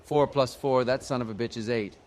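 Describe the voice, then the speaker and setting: A man voicing a cheeky, quick-witted young schoolboy with fast comebacks. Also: mid-range voice, steady tone, a little mellow, a little hiss or hum, close to an everyday voice.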